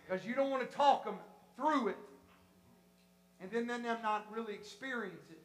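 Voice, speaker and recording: A Pentecostal preacher giving an impassioned sermon, repeating phrases, rising to shouts, and acting out voices from the congregation. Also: medium pitch, moderate pace, echoey room. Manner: repetitive, acts out congregation voices. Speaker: pastor.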